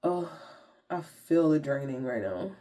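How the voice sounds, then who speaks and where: A woman's voice: sits low, lively intonation, unhurried, dark tone. A young woman vlogger chatting casually to viewers in slangy talk while walking through her skincare routine. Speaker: beauty vlogger.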